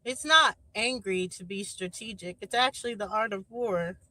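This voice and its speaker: A woman on a casual panel, arguing her point in a measured way. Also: mid-range voice, sharp tone, low-quality recording. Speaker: panel participant. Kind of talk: heated casual panel debate.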